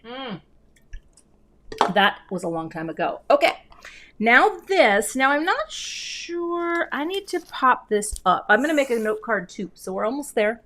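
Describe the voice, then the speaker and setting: A woman's voice: on the high side, sing-song, a little slow, fairly bright tone. A middle-aged woman hosting a live card-making demo at home, chatting and joking about herself as she works. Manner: chatty, self-deprecating, talks while working. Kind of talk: live crafting demo chat.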